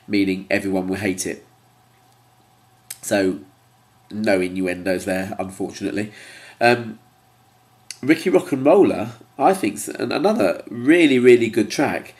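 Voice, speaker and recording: A man with a slightly low, stuffy, nasal voice from blocked sinuses. He talks to camera in a loose, rambling way and fills his pauses with ums. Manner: rambling, hesitant with many ums. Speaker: YouTuber. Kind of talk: casual talk to camera.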